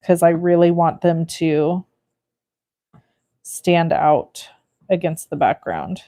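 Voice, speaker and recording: This woman hosts a casual card-making livestream from California, musing aloud as she crafts and checks viewer comments. Her voice is on the low side, expressive and mellow, and she takes her time.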